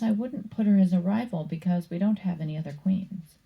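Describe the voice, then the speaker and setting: A woman giving a casual tarot card reading, musing aloud slowly with many pauses and reading card meanings from a book. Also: lowish voice, creaky, dark tone, slightly rough, poor audio. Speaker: tarot reader.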